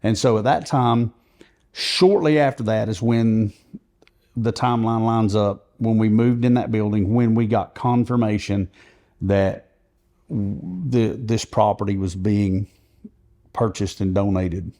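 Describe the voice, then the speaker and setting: Low, mellow male guest telling a long story earnestly. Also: steady tone, unhurried. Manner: earnest, recounting events at length. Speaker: podcast guest. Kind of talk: conversational storytelling.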